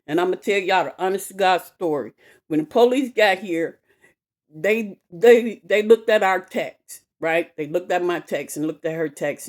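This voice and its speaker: A woman telling a personal story to camera in an animated, emphatic way, swearing freely and repeating herself. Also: lowish voice. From west side of Chicago. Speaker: vlogger.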